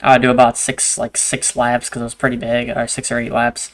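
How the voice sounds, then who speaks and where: A man's voice: medium pitch, completely flat delivery, a little fast, a bit bright. A young man hosting a gaming video, telling long rambling stories in casual chat and swearing a lot.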